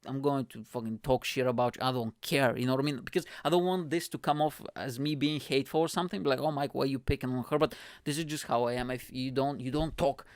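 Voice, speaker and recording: A male comedian hosting his own podcast, telling a story in a loose, animated way. His voice is smooth and clear, recorded dry and close. He swears often and leans on fillers. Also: mid-range voice, fast, dry recording. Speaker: stand-up comedian and podcast host. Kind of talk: casual storytelling monologue.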